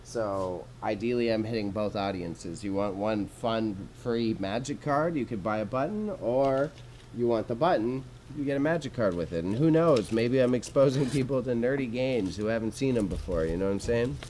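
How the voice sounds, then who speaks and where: A man's voice: mid-range voice, animated, moderate pace, a little mellow, poor audio. Casual Canadian male streamer, young, slangy and laid-back, faint room hum behind. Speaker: livestreamer. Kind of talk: casual livestream chat while sorting jewelry.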